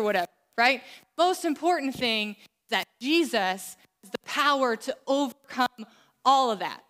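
Woman pastor preaching casual style, high bright voice, keeps asking right?. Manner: conversational, acts out quick quoted voices. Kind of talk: sermon.

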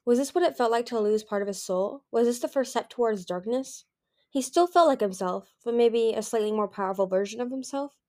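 A woman reading a fantasy novel aloud at a steady pace. She tells the story plainly, with occasional restarts, in an amateur audiobook style. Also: on the high side, a little fast. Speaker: audiobook reader.

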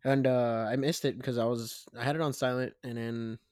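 A young man chatting on a podcast, easygoing and quick to laugh. His voice sits at an ordinary middle pitch. The sound is dry and close. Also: fairly even intonation, a little mellow, no room sound. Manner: laid-back, laughs often, acts out quoted relatives. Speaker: podcast co-host. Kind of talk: casual chat.

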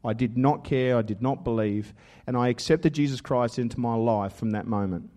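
A man with an Australian accent giving a lively testimony sermon, telling stories with laughter and loud acted-out quotes. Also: medium pitch, moderate pace. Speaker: preacher.

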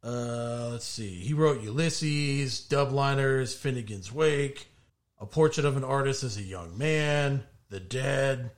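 Speaking slowly in a medium-pitched voice, a podcast co-host tells stories in casual chat. His storytelling is animated and full of swearing.

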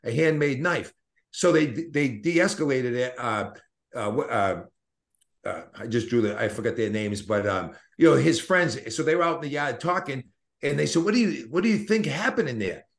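Man, 50s, Boston accent, middle pitch, earnest, motivational, rambling interview guest. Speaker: network marketing guest. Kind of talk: casual storytelling interview.

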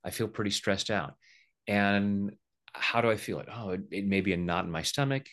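Playfully explaining and demonstrating tapping, the middle-aged EFT practitioner guest often mimics the people he's quoting. He speaks at a fairly low pitch with a moderate pace and a slightly bright sound.

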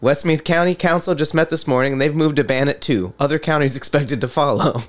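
A man's voice: on the high side, a little fast. A man hosting a podcast in casual chat, laughing often as he reads out quotes. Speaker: podcast host.

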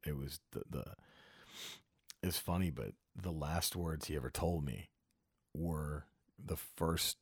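A man's voice: very deep voice, slow pace, husky, no echo, clean studio sound. A comedian talking openly and emotionally as a podcast guest, swearing freely as he remembers a friend.

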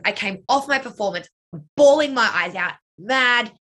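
Chatty young woman with a bright voice. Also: fairly high pitch, lively intonation, moderate pace. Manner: chatty, lots of "like" and "you know". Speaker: dance and cheer coach, choreographer. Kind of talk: casual interview answers.

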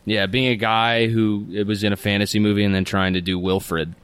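A man's voice: on the low side, little pitch movement, fairly quick, fairly bright tone, clean tone, no room sound. A man co-hosting a podcast in casual chat, rambling and joking at his own expense. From California. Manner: joking, rambling, self-mocking. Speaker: podcast co-host.

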